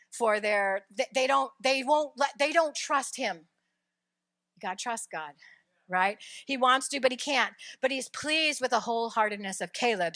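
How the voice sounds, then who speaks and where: A middle-aged woman preaching a sermon, telling a lively personal story and shouting at its dramatic moments. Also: high-pitched, no room sound.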